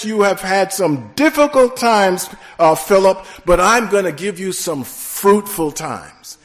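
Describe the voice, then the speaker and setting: A man's voice: sits high, expressive. A man preaching a sermon in church, emphatic and calling out to the congregation. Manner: slow, emphatic preaching with rising calls to the congregation.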